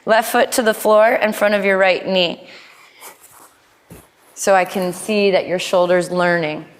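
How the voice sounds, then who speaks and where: A woman teaching a live yoga class, cueing poses in a playful way with quick asides. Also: mid-range voice, steady tone. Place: yoga studio. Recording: long hall reverb in studio.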